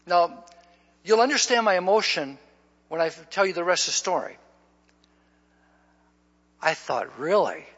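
Man, pastor, folksy storytelling sermon, high voice, dull lo-fi recording in a reverberant church hall. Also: lively intonation, measured pace, long pauses, a bit bright. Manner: folksy, repeats his words when starting a line.

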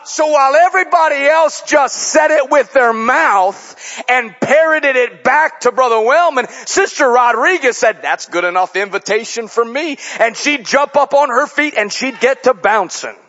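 A man's voice: very high voice, animated, normal speed, bright, forceful tone. A middle-aged male preacher from the Chicago area, telling stories and building to fervent exhortation in a sermon. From Chicago area, Illinois. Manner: storytelling, rising to fervent exhortation. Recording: dull lo-fi sound.

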